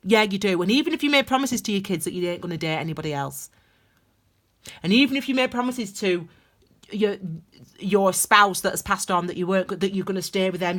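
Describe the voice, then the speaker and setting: A woman's voice: fairly low pitch, fairly bright tone. A woman giving a casual spoken tarot reading to camera, talking emphatically and rambling with many restarts. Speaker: tarot reader.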